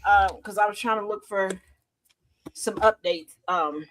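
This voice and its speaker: A woman's voice: medium pitch, a little slow, a bit bright. A woman co-hosting a casual podcast, talking in a loose, slangy way and laughing often as she tells stories. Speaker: podcast co-host.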